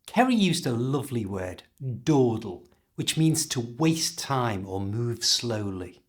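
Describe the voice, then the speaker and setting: A man with a British accent teaching English learners, explaining everyday phrases and slowly modelling how to pronounce them. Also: medium pitch, big pitch swings. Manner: clear, slow modelling of pronunciation.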